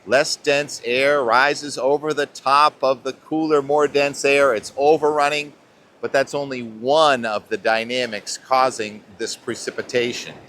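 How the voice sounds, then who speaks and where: A man's voice: mid-range voice, level tone, a little slow, fairly bright tone, a little hiss or hum. Chatty man forecasting outdoors. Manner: chatty, rambling, thinking aloud. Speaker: weather vlog host. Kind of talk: casual weather talk. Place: outdoors on a beach. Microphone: clip-on mic.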